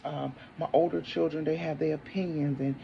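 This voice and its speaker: A woman's voice: deep voice, steady tone, brisk, gravelly, dull audio, a little hiss or hum. A woman in her thirties, a single mother talking to her viewers at home, mixing casual chat with declarations of faith. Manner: preachy, declaring faith, talks to viewers as honey. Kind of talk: casual testimony vlog. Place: home, indoors.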